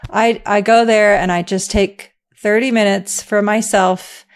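A woman's voice: medium pitch, steady tone, unhurried. A middle-aged woman from the US, a guest in an interview, telling her story earnestly and emphatically, often laughing. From American.

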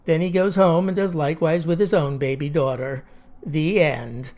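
A woman's voice: sits low, steady tone, normal speed, dark tone. A woman telling a comic story in a wry, folksy, drawling manner. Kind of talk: comic monologue.

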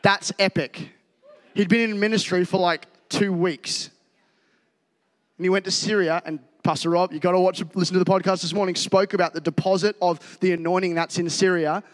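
High-voiced fired-up male preacher. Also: normal speed. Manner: energetic, climbing to shouts when fired up. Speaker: pastor. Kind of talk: sermon. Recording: reverberant hall.

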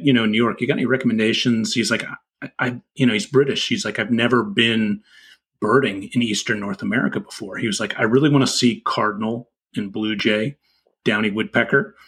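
A man's voice: on the low side, creaky, husky. A man co-hosting a podcast, chatting casually and telling stories with lots of fillers. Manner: relaxed storytelling, many fillers. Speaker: podcast co-host. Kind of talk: casual chat.

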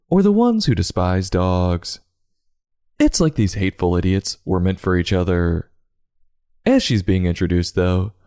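A man hosting a comedic book review, sarcastic and crude, with deadpan asides. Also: low-pitched. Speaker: podcast host reviewing a book.

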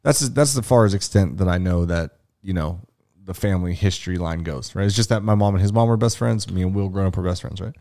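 A young man with a low voice chats casually as a podcast co-host. He tells a long, profane story and acts out each quoted line. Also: quick pace, few pauses, warm tone. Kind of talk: casual chat.

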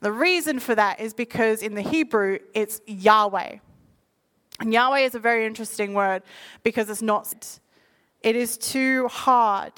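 A woman preaching to a live audience, reading scripture quickly and then explaining it in lively, casual talk. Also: on the high side. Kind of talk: sermon.

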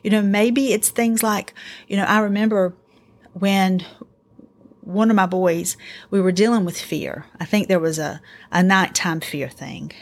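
A middle-aged woman hosting a casual faith-based parenting talk, earnest and encouraging, telling family stories in an animated way. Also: mid-range voice, a little slow. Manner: earnest, encouraging, animated storytelling with acted quotes. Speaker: podcast host.

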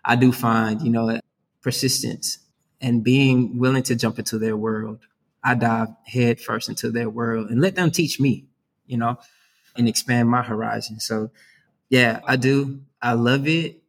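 A man with an average pitch talks in an easy, conversational way. He sounds upbeat and earnest, and he drops "man" and "right?" into nearly every sentence. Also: fairly even intonation, unhurried. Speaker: youth worker, guest. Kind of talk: conversational interview.

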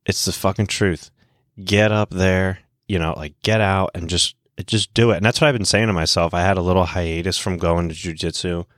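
A man's voice: low voice, fairly even intonation, moderate pace, a bit bright, dry recording, studio quality. A man hosting a podcast from the United States, talking in a blunt, profane, rambling casual monologue. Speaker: podcast host.

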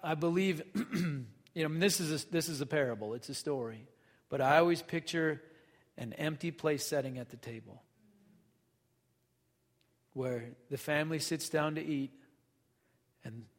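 A male pastor giving a conversational sermon, reading scripture aloud and asking the congregation questions. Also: a little high. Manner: conversational preaching, reads scripture then asks the congregation questions. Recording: long hall reverb.

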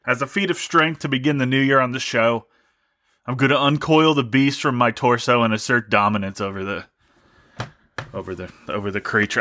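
A man's voice: mid-range voice, a little fast, bright, forceful tone. A young man hosting a podcast, delivering a profane, mock-angry comedic rant. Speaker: podcast host.

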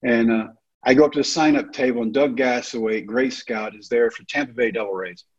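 Man telling a story, husky. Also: mid-range voice, fairly quick, lo-fi sound. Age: 30s. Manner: animated storyteller who acts out the other people's lines. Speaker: speaker telling his life story. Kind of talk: storytelling talk.

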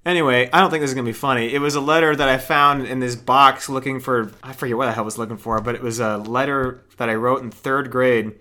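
A man's voice: medium pitch, fairly even intonation, fast, hardly any pauses, sharp tone. A man in his twenties, a podcast co-host, rambling and swearing in casual chat, laughing often. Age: 20s.

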